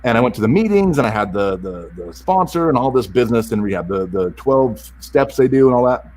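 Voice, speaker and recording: A man's voice: medium pitch, animated, darkish tone. A man telling a painful personal story as a podcast guest. He is earnest and openly emotional, and he often stops and restarts his sentences. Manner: earnest, halting, with frequent restarts and repeated words. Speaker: podcast guest, self-help author. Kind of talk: personal story told in an interview.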